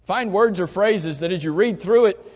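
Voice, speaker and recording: A man's voice: sits high, normal speed. A man preaching a sermon, teaching earnestly with repeated instructions and frequent restarts. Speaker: pastor. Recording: dull sound with long hall reverb.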